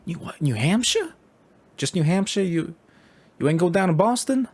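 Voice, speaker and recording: A pushy middle-aged New Yorker, as a man puts him on, talking louder and higher than the man's own voice. He is brash and insistent, leaning in and repeating himself. The voice stays gruff in manner and never lets up. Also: big pitch swings, normal speed, exaggerated voice. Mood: incredulous.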